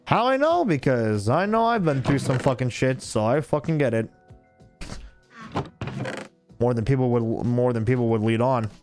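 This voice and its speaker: A man's voice: medium pitch, fairly quick, a little mellow, soft background music. A young man streaming a game, chatting casually and rambling with heavy swearing. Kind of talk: casual chat while gaming.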